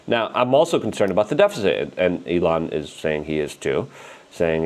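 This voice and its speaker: A man hosting a political commentary show, animated and indignant, talking with strong emphasis. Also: low voice, normal speed. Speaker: host.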